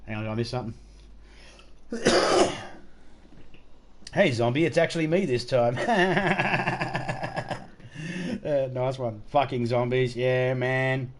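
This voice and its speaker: A man's voice: mid-range voice, slow, long pauses. A middle-aged man chatting casually during a game stream, joking around, swearing freely and rambling through anecdotes. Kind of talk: casual live-stream chat.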